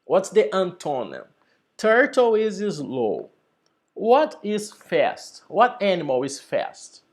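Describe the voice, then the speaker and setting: A man teaching an English lesson over a video call, slow and deliberate, building up example sentences. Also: high voice, big pitch swings.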